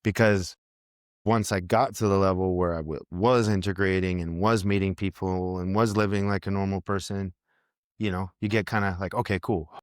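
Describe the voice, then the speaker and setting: An American man chatting casually in a relaxed, laughing way. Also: low voice, moderate pace, clean tone, no echo, studio quality. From United States. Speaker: podcast guest. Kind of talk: casual chat.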